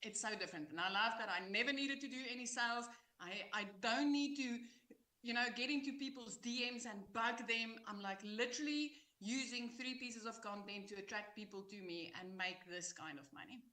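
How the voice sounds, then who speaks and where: A woman's voice: fairly high pitch, normal speed, sharp tone. A South African woman giving an earnest, emotional testimonial on a webinar. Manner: earnest, heartfelt, emphatic. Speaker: coaching client giving a testimonial.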